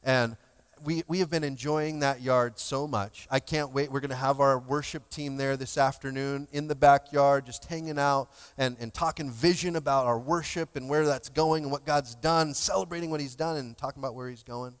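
A man's voice: medium pitch, fairly even intonation, normal speed, smooth. A male pastor giving a sermon in a conversational, emotional way, joking with his congregation. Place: church sanctuary. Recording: long hall reverb.

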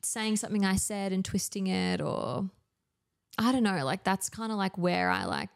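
A woman's voice: medium pitch, lively intonation, moderate pace, gravelly, clean tone. A woman in her thirties with an Australian accent, telling stories as a podcast guest in casual chat, full of fillers. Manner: chatty storytelling, many fillers.

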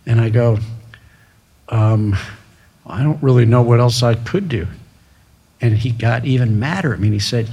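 A middle-aged man, a restaurateur, telling his story as an interview guest, animated and acting out the people he quotes. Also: medium pitch, moderate pace, long pauses, husky. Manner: animated, quoting others in lively voices. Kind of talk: storytelling in casual conversation.

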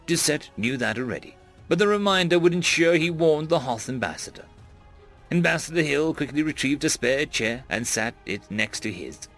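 Lively male storyteller. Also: medium pitch, moderate pace, faint music behind. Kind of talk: audiobook-style story narration.

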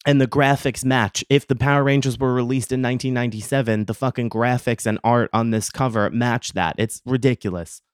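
A man's voice: medium pitch, clean tone, no room sound, clean studio sound. A man hosting a podcast, delivering a casual comedic monologue with lots of swearing and theatrical indignation. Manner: profane, ranting, theatrically indignant. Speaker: podcast host.

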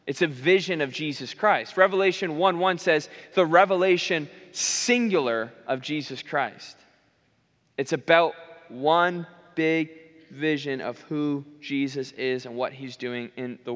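Earnest preacher in a reverberant church. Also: male voice, fairly high pitch, a bit bright. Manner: earnest, building lists with repeated phrases, wry asides. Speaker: minister. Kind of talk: sermon. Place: church sanctuary.

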